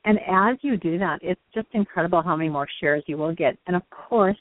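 A woman's voice: fairly low pitch, a little fast, no echo. A woman hosts a speaker-training talk, explaining her points eagerly and laughing often. Her voice comes through a tinny phone line with a dry, close sound. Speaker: host. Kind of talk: conversational teaching on a call-in show.

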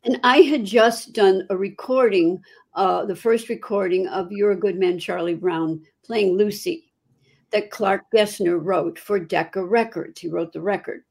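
An older woman recounts her past with the lively pull of a born storyteller. Her voice is husky and sits at a middle pitch. The telling stays conversational and anecdotal. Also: measured pace. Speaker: guest performer. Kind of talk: storytelling in casual chat.

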